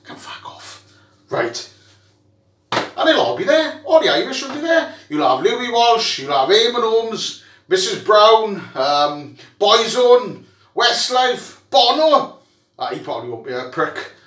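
A Welsh man vlogging as an excitable rugby fan, rowdy, jokey and full of swearing. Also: sits high, a little slow. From Wales. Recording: echoey room, mic at a distance.

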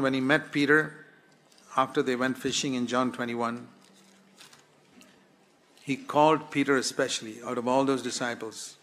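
A man's voice: medium pitch, a bit bright. Earnest male preacher, fervent sermon. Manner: earnest, builds to fervent exhortation. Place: church service.

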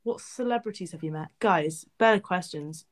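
A young woman from the UK chatting casually on a livestream, reading viewers' questions aloud and answering with loud exclamations now and then. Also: fairly low pitch, moderate pace. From United Kingdom. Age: teens. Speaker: livestream host.

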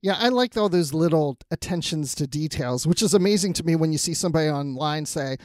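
A man on a podcast, talking in a casual, animated way that often breaks into laughter. His voice sits a little high, and the recording is close and dry, with no room sound. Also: fairly quick, hardly any pauses, dry recording. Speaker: podcast co-host. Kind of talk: casual review chat.

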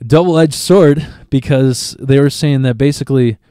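A man's voice: medium pitch, a little slow, mellow, clear, resonant tone, no echo, clean studio sound. A man, a stand-up comedian, telling long profane stories in a casual podcast chat and tripping over repeated words as he starts sentences. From Chicago area.

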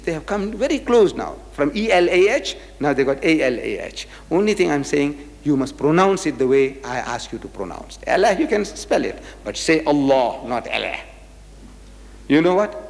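An older man from South Africa giving an emphatic religious lecture, firing rhetorical questions at his audience. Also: a little high. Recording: hall with long reverb.

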